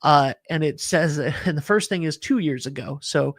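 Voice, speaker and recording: A man hosting a casual podcast, easygoing and halting as he leads into the next topic. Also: on the high side, fairly bright tone, no echo, clean studio sound. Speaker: podcast host.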